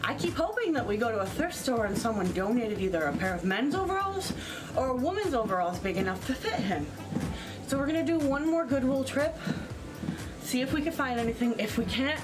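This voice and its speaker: A young woman talking casually in a vlog, rambling with lots of fillers and a bit out of breath. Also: a little high. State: out of breath on a treadmill. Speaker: vlogger. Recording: music playing behind.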